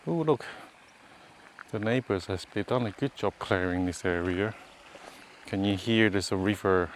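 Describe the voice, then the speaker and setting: A man with a fairly low voice narrates his own outdoor walk in a casual, chatty way. He points things out to his viewers as he goes. Faint outdoor ambience sits behind him. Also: slight background noise. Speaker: vlogger. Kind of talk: casual walking tour narration. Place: outdoors on a rural hillside road.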